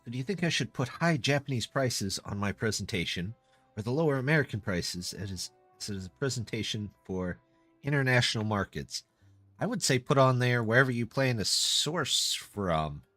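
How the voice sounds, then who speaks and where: A man's voice: mid-range voice, very animated, moderate pace, sharp tone, dry recording, faint music behind. A man live-streaming a game and chatting casually with viewers, answering their comments in a loose, self-deprecating way. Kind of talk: casual live-stream chat while gaming.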